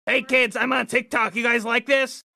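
A man putting on a squeaky, pleading, mock-desperate voice. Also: fairly even intonation, moderate pace, creaky, bright, forceful tone, soft background music, exaggerated voice.

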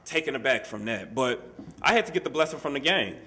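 At a workshop, a man shares his life story with an audience, speaking fast at medium pitch against slight background noise. His style is casual and street-like, packed with "you know" and "man." He's animated and acts out the voices of the people he quotes.

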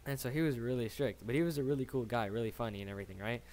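Young man, late teens, casual storytime, slangy, rambling, lots of swearing, mid-pitched voice. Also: very fast, darkish tone. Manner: slangy and rambling, swears often, keeps adding "right?".

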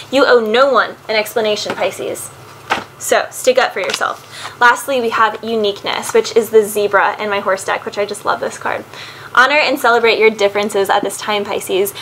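An earnest woman with a fairly high voice talks through a tarot reading, giving advice in a casual, direct way. She keeps turning back to the listener by their sign. A faint hiss of background noise sits under her voice. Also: fairly bright tone, poor audio. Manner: earnest and advising, repeatedly addresses the listener by zodiac sign. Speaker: tarot card reader. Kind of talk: casual spoken card reading to camera.

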